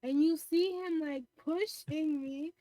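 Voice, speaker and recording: A woman's voice: high-pitched, slow, warm tone, no echo, rough recording. A young woman co-hosting a podcast, chatting casually and playing out dialogue in her stories. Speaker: podcast co-host. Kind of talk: casual chat.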